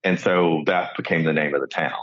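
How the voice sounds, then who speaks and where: A man's voice: very deep voice, steady tone, brisk, a bit bright, muffled recording. A man co-hosting a podcast, telling stories in a rambling, jokey way with lots of restarts. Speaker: podcast co-host. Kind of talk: casual comedic chat.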